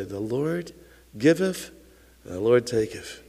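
An older man, a pastor, preaching a sermon with emphatic swells that sink to hushed, close tones, chuckling now and then. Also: high-pitched, normal speed. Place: church sanctuary. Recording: long reverb of a church hall.

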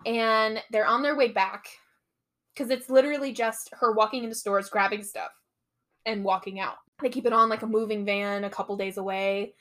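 With a medium-pitched, fairly bright voice, a young woman keeps a steady tone and moderate pace as she hosts a casual podcast. She recounts a novel's plot, voicing quotes and swearing a lot.

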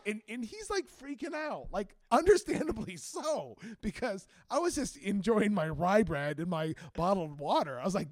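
A high-voiced man tells a story in casual chat, his pitch swinging widely as he acts out what people said. He is a teacher and band director. The sound is dry and close. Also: normal speed, few pauses, no room sound. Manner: animated, acts out quotes with big pitch jumps.

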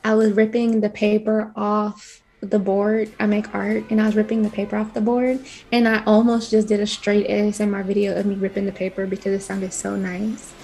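A woman's voice: mid-range voice, completely flat delivery, moderate pace, few pauses, warm tone. A young woman co-hosting a podcast, talking casually and laughing easily. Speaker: podcast co-host. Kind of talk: casual chat.

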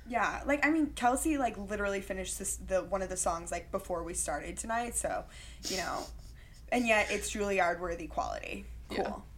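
A woman's voice: medium pitch, moderate pace. A young woman co-hosting a casual podcast, chatting animatedly about a movie and peppering her talk with "like.". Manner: chatty, animated, full of "like" fillers. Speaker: podcast co-host. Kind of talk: casual chat recapping a movie.

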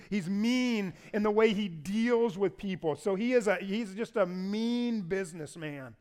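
A man preaching a sermon in an animated way, asking his listeners to repeat key words back to him. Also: sits high. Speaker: pastor.

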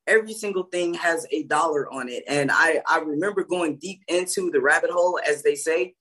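A man's voice: fairly high pitch, brisk, bright, forceful tone, slightly rough. A man co-hosting a podcast, talking in a blunt, emphatic, casual way and swearing freely. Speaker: podcast co-host. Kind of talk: casual chat.

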